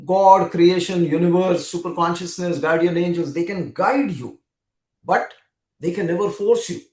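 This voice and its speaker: A man's voice: high-pitched, moderate pace, darkish tone. Earnest man telling a spiritual story. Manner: earnest, storytelling, addresses the listener directly. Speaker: spiritual speaker and regression therapist. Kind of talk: guided spiritual talk to the listener. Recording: roomy echo.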